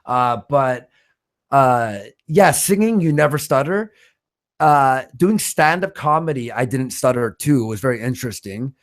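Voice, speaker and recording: A man hosting a livestream, reading out donations in blunt, swear-heavy casual chat, with a stutter and a voice roughened by smoking. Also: mid-range voice, animated, unhurried. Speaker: livestream host.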